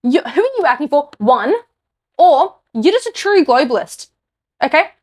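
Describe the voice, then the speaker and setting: A woman's voice: sits high, sing-song, moderate pace. An Australian woman, a podcast host, delivering an angry, blunt political rant to camera. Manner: heated, exasperated, speaks her mind bluntly.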